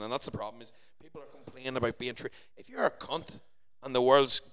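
A young Scottish man talking quickly in casual podcast chat. His voice is bright and forward, and he rants and swears as he acts out old arguments. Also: medium pitch. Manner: ranting, swearing, animated storytelling.

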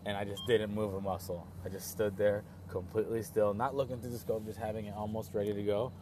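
A young man casually telling a story, rambling and excitable, with many restarts and fillers. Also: fairly low pitch, fast, background noise.

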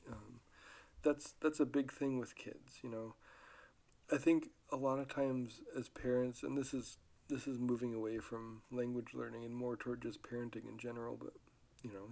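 On his solo podcast, a man with a creaky, medium-pitched voice talks casually. He wanders from point to point in an easygoing manner, often starting over mid-thought.

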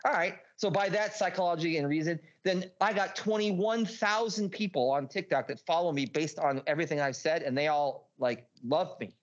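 A man's voice: a little high, moderate pace, few pauses, muffled recording. A man, a podcast guest, telling a rambling personal story, swearing freely and often restarting his sentences. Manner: profane, restless, restarts often.

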